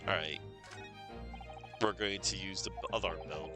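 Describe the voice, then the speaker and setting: A man streaming a video game, making relaxed, playful asides, with game music behind. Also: low-pitched, moderate pace. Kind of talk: casual game commentary.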